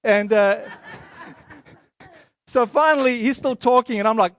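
A man preaching a sermon and telling a personal story, animated, acting out the voices he quotes. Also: very high-pitched, a little slow, long pauses, no echo, muffled recording. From Boston area.

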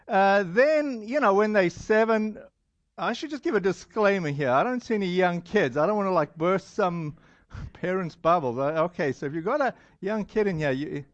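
This sermon comes from a non-American-accented man whose voice sits high and sounds expressive at a normal pace. He rambles with many fillers and false starts; the recording lacks room sound and has a dull, lo-fi quality.

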